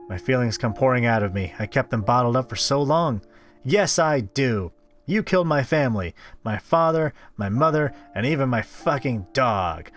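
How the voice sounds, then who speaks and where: A man reading a visual novel aloud as a game host, expressive with wry asides. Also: mid-range voice, moderate pace, soft background music. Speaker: let's-play host.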